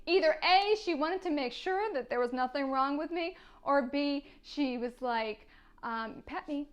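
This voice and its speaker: A woman hosting a gardening vlog, telling a story in a chatty, animated way and laughing often. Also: high voice, unhurried. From United States. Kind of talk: casual storytelling to camera.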